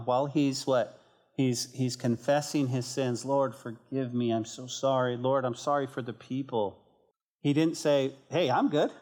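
A man's voice: medium pitch, darkish tone. A man preaching a sermon as a church pastor, earnest and conversational, acting out quoted prayers and remarks in a raised voice.

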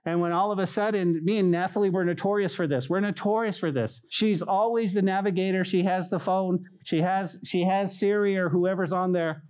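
A man preaching a sermon to his church, animated, repeating phrases and calling out to the congregation. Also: sits high, fairly quick, few pauses, clean tone. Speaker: pastor.

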